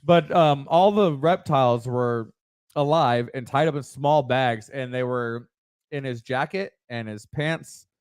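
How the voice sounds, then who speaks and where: A man's voice: medium pitch, unhurried, clear, resonant tone, no room sound, clean studio sound. A man co-hosting a podcast, casually reading strange news stories with plenty of fillers. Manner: laid-back, reads news items aloud with fillers. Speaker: podcast co-host. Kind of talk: casual chat.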